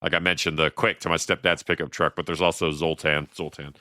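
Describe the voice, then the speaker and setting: A man's voice: low voice, little pitch movement, fast, pushed and bright, no room sound, studio quality. A man in his thirties co-hosting a podcast, rambling casually about a movie and breaking into quoted lines. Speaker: podcast co-host.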